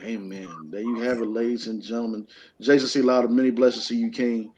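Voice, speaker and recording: A man hosting a casual show, who laughs often and talks in a lively way. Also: medium pitch, a little fast. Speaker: host. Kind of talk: casual podcast talk.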